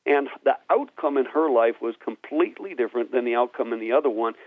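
A man's voice: medium pitch, quick pace, no echo. A man who is a guest minister on a talk show, teaching with earnest emphasis and then praying. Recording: tinny phone-like dry sound.

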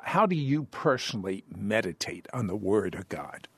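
A man's voice: fairly low pitch, very animated, normal speed, slightly rough, no room sound. A man hosting a Christian talk show, asking questions in a conversational, affirming way. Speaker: host.

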